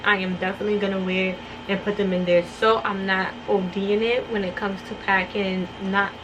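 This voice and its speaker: A woman's voice: medium pitch, flat delivery, moderate pace, noisy background. A young adult woman chatting casually to her viewers in a vlog, rambling and addressing them as y'all, from her bedroom. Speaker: vlogger.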